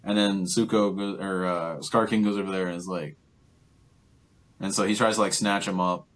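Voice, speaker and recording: Deep-voiced young man rambling through a recap. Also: steady tone, moderate pace, a bit bright. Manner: rambling, filler-heavy retelling with lots of "like" and "um". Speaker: podcast co-host. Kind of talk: casual movie recap chat.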